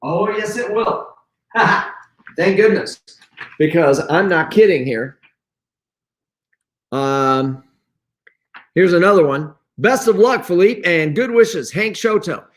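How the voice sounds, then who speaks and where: A man hosting his own video show from home, talking slowly and loosely while he shows papers and photos to the camera, often clearing his throat. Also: high-pitched, lively intonation. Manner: slow and rambling, frequent throat clearing and fillers. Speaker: host. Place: at home, items on his wall.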